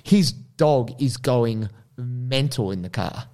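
A man's voice: mid-range voice, takes it slowly, clean tone. A young man with an Australian accent, telling a story in casual, rambling chat. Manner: animated, rambling, many fillers.

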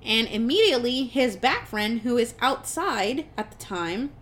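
Young woman podcast co-host, rambling casual movie recap, a touch high-voiced. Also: very animated, a little slow, a bit bright. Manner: rambling, swearing, quoting characters in voices.

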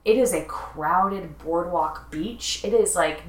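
A woman co-hosting a podcast, telling a story in a loose, chatty way full of asides. Her voice sits a little low. The room rings with a noticeable echo. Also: slow pace. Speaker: podcast co-host. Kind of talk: casual chat. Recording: roomy echo.

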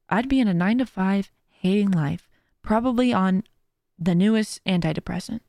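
Earnest woman podcaster, bright voice. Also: fairly high pitch, a little fast, no echo, clean studio sound. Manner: earnest, heartfelt, faith-driven encouragement. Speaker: podcast host and streamer. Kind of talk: casual motivational podcast monologue.

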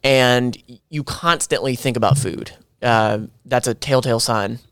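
A man hosting a podcast, telling a story in a rambling, animated way with restarts. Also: mid-range voice, unhurried, clean tone, no echo. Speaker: podcast host. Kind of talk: casual chat.

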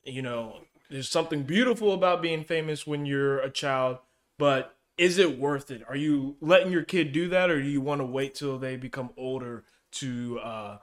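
A man hosting a casual panel chat, laid-back and drawn-out, laughing often as he leads the topic. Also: mid-range voice. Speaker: podcast host.

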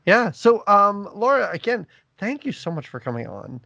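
A man's voice: high-pitched, sing-song, normal speed, vocal fry, sharp tone, muffled recording. A man co-hosting a podcast, friendly and rambling, joking about his own mistakes. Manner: friendly, rambling, self-deprecating. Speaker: podcast co-host. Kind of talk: casual podcast chat.

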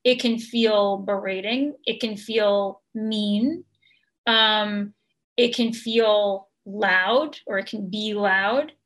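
Slow, gentle woman coach. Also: mid-range voice, steady tone. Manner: gentle, measured and earnest, with many ums. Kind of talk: podcast interview answer.

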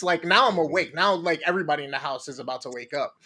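A man telling an animated story in casual chat, swearing freely and acting out the quotes. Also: fairly high pitch, fast talker.

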